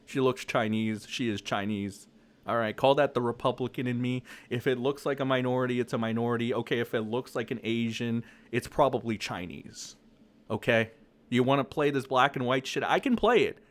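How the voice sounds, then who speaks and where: A man's voice: mid-range voice, fairly even intonation, normal speed. A young man ranting aggressively into a desk mic, profane and mocking, as an online commentator. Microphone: desk mic, no camera.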